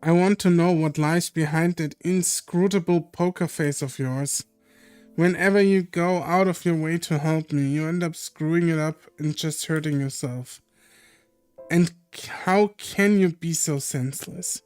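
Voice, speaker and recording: Streamer reading a visual novel slowly. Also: medium pitch, a little mellow, smooth, no room sound, soft background music. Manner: earnest, emotional reading.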